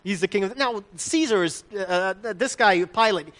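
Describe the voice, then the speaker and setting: A man's voice: high voice, moderate pace, fairly bright tone. A man preaching a conversational sermon, putting questions to the congregation and restarting his sentences often. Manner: conversational, asks the audience questions, frequent restarts.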